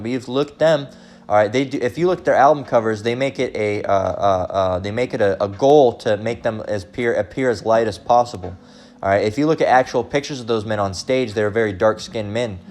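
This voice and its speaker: A man's voice: lowish voice, darkish tone. A man preaching in a loose, rambling way, constantly saying "all right" and speaking bluntly with profanity. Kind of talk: informal religious teaching monologue.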